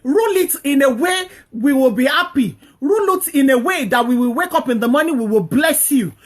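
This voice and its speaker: Speaking fairly quickly in a high-pitched, expressive voice, a woman offers casual, preachy marriage advice to an online audience. She earnestly repeats her points and acts out what couples ought to say to each other.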